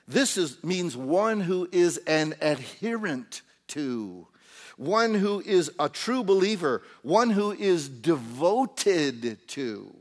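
A man delivers an animated sermon in a church. His voice sits high and leaps widely in pitch. He moves from loud to hushed and slips into acted-out voices as he preaches. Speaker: pastor.

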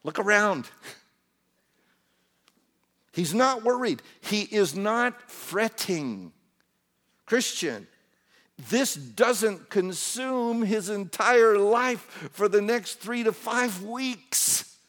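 A man preaching a sermon in church, acting out little voices and dropping from loud to hushed. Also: sits high, lively intonation, extremely slow. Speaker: pastor.

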